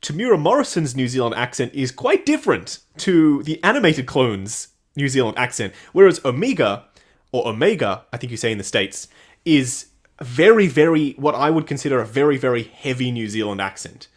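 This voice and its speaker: Guy co-hosting a livestream, excited and chatty, reads out chat comments. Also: medium pitch, moderate pace. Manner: enthusiastic, reads out viewer comments. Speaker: livestream co-host.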